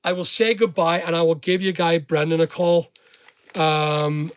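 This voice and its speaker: A man's voice: fairly high pitch, flat delivery, measured pace, smooth. Chatty Northern Irish man packing orders. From Northern Ireland. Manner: rambling, chatty, talks to viewers by name. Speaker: online seller livestreaming. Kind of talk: casual livestream chat while packing orders.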